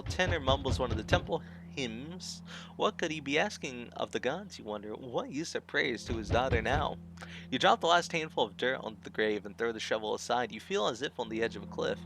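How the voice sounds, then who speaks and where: A man playing a story-driven game, reading the narration and dialogue aloud and correcting himself when he trips over words. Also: mid-range voice. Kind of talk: let's play, reading game text and choices aloud. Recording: game music clearly behind the voice.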